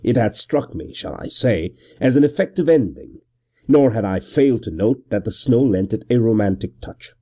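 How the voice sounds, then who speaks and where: A man reading a period novel aloud as a first-person narrator, measured and expressive. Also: mid-range voice. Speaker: audiobook narrator.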